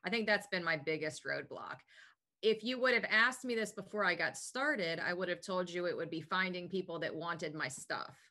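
In this relaxed interview about her health business, the woman is enthusiastic, upbeat and talkative. Her voice sits on the low side, and she speaks at a moderate pace with a pushed, bright delivery.

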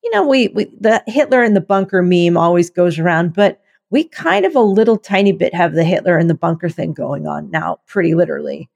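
A woman's voice: fairly low pitch, brisk, gravelly. A woman co-hosting a casual political chat, wry and sarcastic, thinking aloud as she goes. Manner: wry, deadpan sarcasm, rambling. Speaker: podcast co-host.

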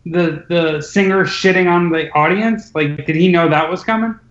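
A man with a voice on the higher side hosts a loose chat, tossing out teasing quips between laughs. The recording is muffled and echoes around the room. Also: moderate pace, a bit bright. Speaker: podcast host. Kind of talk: casual chat.

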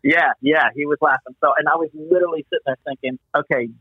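Man, actor guest, animated storyteller, muffled phone-line sound, slightly husky. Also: on the high side, quick pace, dry recording. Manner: animated storyteller acting out quotes. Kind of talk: casual interview anecdotes.

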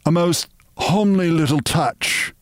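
A man voicing a soft-spoken, sinister male gang boss with smooth, quiet politeness. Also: a little high, unhurried, no room sound, clean studio sound, voice pushed up, natural voice. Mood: menacing.

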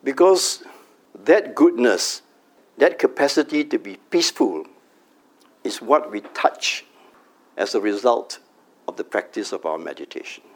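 A middle-aged man teaching a meditation workshop at a company, speaking in a calm, measured way and drawing out a chanted mantra slowly. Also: medium pitch.

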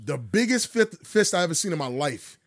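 A high-voiced man with a husky, breathy edge recounts a story in loose, profane slang. His pitch swings wildly as he acts out the other people in it, recorded dry and close. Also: fairly quick, dry recording. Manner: animated, acts out dialogue with big pitch jumps. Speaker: podcast co-host telling a story. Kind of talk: casual storytelling chat.

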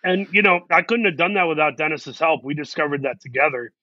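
A man's voice: a little high, expressive, fast talker, bright, forceful tone, dry recording, lo-fi sound. A man talking in a casual interview, earnest and reflective, working through his ideas in long, run-on thoughts. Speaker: actor, guest.

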